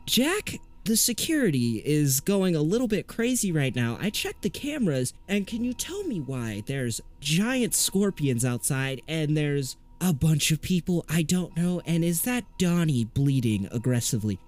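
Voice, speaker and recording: A man voicing a fussy, high-strung middle-aged male paranormal podcaster who talks in a flustered, snippy way. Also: big pitch swings, a little slow, a little mellow, faint music behind. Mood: alarmed.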